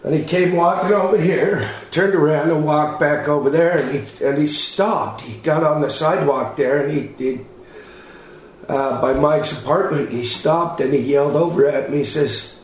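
A man gives a plain-spoken, casual witness statement, rambling and repeating himself. He speaks at normal speed in a slightly high voice, with heavy echo and faint background noise.

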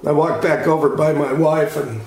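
A man's voice: fairly high pitch, fairly even intonation, normal speed, darkish tone. A man giving a witness statement, rambling and repeating himself in a plain-spoken casual account. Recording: heavy echo, faint background noise.

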